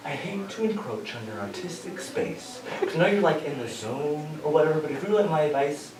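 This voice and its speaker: Man putting on a hushed offhand talking dog. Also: a little high, expressive, fairly quick, a crowd in the background, close to an everyday voice. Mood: hushed, wry. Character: laid-back wise pet dog, female, quietly advising. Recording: roomy, distant mic, faint ambience.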